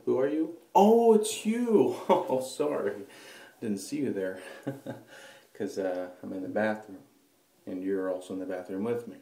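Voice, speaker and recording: A goofy, self-mocking man rambling in a comic vlog, with a slow, unhurried pace. His voice jumps around in pitch. The bathroom gives it a strong, ringing echo. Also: lively intonation, vocal fry, warm tone. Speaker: vlogger. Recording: echoey bathroom.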